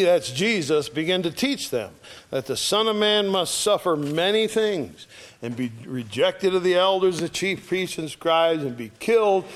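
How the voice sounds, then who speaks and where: A man preaching a conversational sermon, reading scripture aloud and often checking in with his listeners. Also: on the high side. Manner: conversational Bible teaching, reads scripture aloud; often checks in with "all right?".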